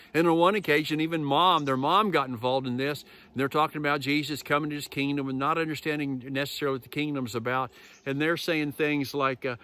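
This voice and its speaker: A man's voice: on the high side, brisk. Man preaching a conversational sermon. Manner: conversational preaching, retelling stories in lively quoted voices. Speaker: pastor.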